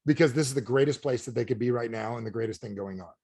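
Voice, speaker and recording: A man's voice: medium pitch, fast talker, warm tone, slightly rough, no room sound. A man giving a motivational talk on a video call, pressing his points with repeated rhetorical questions. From United States. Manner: punchy, repetitive rhetorical questions. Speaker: motivational speaker. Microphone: close mic on a video call.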